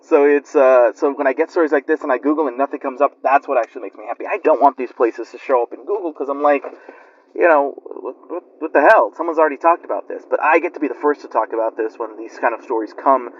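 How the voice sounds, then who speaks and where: A man's voice: medium pitch, fast talker. A man telling a spooky story in a rambling, chatty way with lots of fillers. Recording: lo-fi muffled recording.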